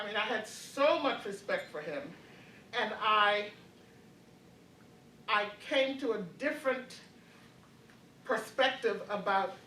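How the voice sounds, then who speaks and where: Older lady in her 80s, slow halting talk, lots of ums, bright voice, roomy faraway call audio. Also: mid-range voice, recorded from a distance, slight background noise. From Baltimore. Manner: hesitant, many fillers and restarts, laughs often. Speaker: panelist. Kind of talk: reflective panel talk. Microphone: video call.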